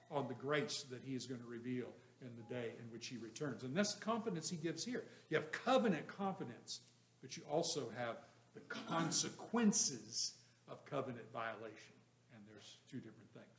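A man's voice: medium pitch, a little hiss or hum. A man leading an interactive Bible study, questioning the class and stressing points with bursts of emphasis and chuckles. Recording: echoey room.

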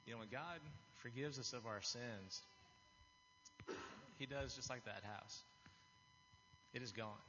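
A man's voice: mid-range voice, unhurried, pauses often, noisy background. A man giving an earnest, confessional testimony to a church audience, often restarting his phrases. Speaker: lay speaker giving a testimony. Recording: dull, reverberant hall recording.

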